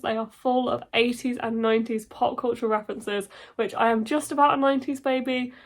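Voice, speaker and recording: Excitable congested woman chatting books. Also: a little high. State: nasal and congested from a cold. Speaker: book YouTuber. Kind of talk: casual book chat to camera.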